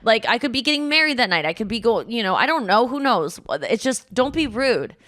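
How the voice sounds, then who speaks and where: A woman hosting a podcast, chatting casually and telling stories with lively acted-out quotes. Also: fairly high pitch, no room sound. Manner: animated storytelling, quick acted-out quotes. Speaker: podcast host. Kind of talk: casual chat.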